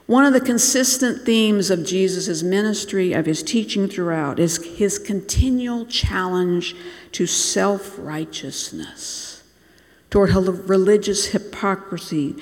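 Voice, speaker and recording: Sermon, preacher from Bangladesh, storytelling delivery, hushed emphasis, long hall reverb. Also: medium pitch. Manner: storytelling, slows and drops to near-whispers for emphasis.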